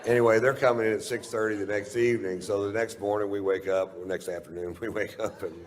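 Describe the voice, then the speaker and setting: Brief: deep-voiced male comic, rambling, swearing storyteller, live venue with long reverb. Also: steady tone, fast, a faint crowd. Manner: profane, rambling, chuckling at his own lines. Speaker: stand-up comedian. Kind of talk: stand-up storytelling.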